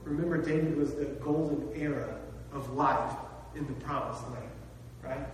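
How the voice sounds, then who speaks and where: Preacher in a booming echoey hall. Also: male voice, steady tone, normal speed, slight background noise. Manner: conversational preaching, asks the room questions, swells on key phrases. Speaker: pastor. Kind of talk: sermon. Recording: distant mic in a very echoey hall.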